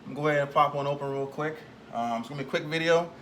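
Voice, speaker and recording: A man, excitedly chatting through an unboxing video while slightly out of breath. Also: fairly high pitch, racing, very noisy. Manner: excitable, chatty, says "man" and "y'all" a lot. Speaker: RC car channel host. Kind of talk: casual unboxing vlog.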